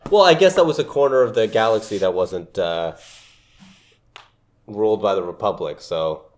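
A man's voice: lowish voice, lively intonation, moderate pace, darkish tone. A young man in casual chat as a podcast co-host, rambling, restarting his sentences and laughing often.

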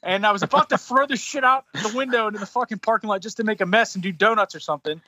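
A man's voice: sits high, very fast, dry recording. A man casually retelling a frustrating story as a podcast host, heavy on swearing and getting heated. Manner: profane, heated, animated retelling.

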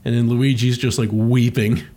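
A man's voice: medium pitch, flat delivery, moderate pace, dark tone. A man casually recapping a cartoon with rambling asides, swearing and laughing. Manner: rambling, profane, laughing often.

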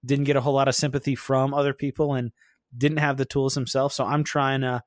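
A man with a mid-pitched, dry, close voice hosting a relaxed interview. He speaks earnestly and a little hesitantly. He often circles back to rephrase. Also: fairly quick, dry recording. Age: adult, father of sons. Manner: earnest, hesitant, restarts and backchannels. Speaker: podcast host. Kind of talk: casual interview conversation.

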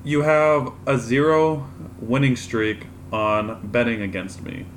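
A man's voice: medium pitch, fairly even intonation, takes it slowly. A man co-hosting a casual sports podcast, throwing dry, teasing jabs at his partner. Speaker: podcast co-host. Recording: roomy, faint background hum.

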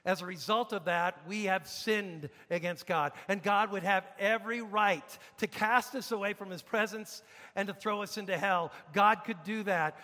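High, bright-voiced male preacher in a reverberant hall. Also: moderate pace. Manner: emphatic preacher, swings from hushed to loud. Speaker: pastor. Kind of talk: sermon. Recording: long reverb of a large hall.

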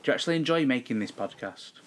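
A man's voice: medium pitch, lively intonation, fast talker, slight background noise. A man, co-hosting a podcast in playful casual chat. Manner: playful, repeats himself patiently. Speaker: podcast co-host. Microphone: podcast mic with headphones.

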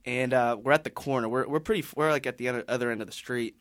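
Male podcast panelist, mid-pitch, casual rambling storyteller, dry sound. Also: quick pace, fairly bright tone, dry recording. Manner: rambling, many restarts and fillers.

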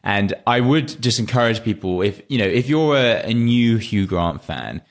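Young guy, lowish voice, rambly film chat, lots of likes and you knows. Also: animated, moderate pace. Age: young adult. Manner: chatty, many fillers and restarts. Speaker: podcast co-host. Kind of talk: casual film-ranking chat.

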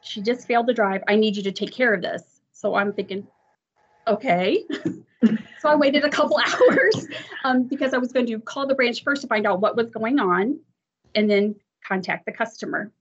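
A woman's voice: on the high side, moderate pace, breathy edge. A woman who works as a drive examiner, telling a long story from the job in a chatty, self-deprecating way. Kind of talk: storytelling in an interview. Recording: muffled audio.

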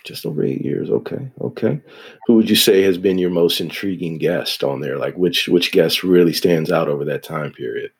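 Gravelly low-voiced interview host. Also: male voice, moderate pace. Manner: short affirmations, asks open questions. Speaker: podcast host. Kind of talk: interview questions.

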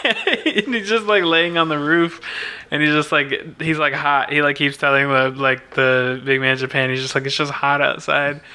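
A man's voice: fairly high pitch, fairly even intonation, moderate pace, sharp tone, smooth. A man chatting casually as a podcast co-host, laid-back, filling his talk with "like" and laughing often. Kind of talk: casual chat recapping a film.

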